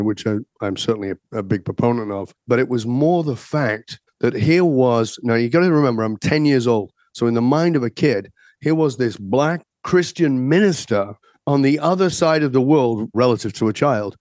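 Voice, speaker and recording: A man in his sixties from Northern England, a podcast guest telling his life story in a measured, reflective way. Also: mid-range voice, expressive, darkish tone, no room sound, clean studio sound.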